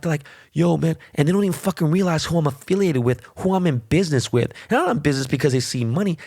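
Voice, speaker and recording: A man's voice: mid-range voice, a little mellow. A middle-aged man hosting his own podcast alone, ranting in a profane, boastful way. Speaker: podcast host. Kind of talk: solo podcast monologue.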